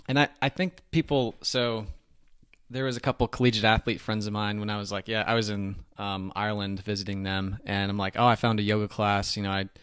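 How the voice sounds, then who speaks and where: Man, podcast host, casual chat, relaxed rambling stories, low smooth voice. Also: fairly quick, dry recording, clean studio sound.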